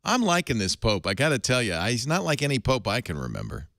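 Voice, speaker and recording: A man's voice: mid-range voice, wildly swooping pitch, fast talker, gravelly, fairly bright tone, dry recording, clean studio sound. A man hosting a casual tech panel chat, joking, laughing often and reading quotes aloud. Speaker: podcast host.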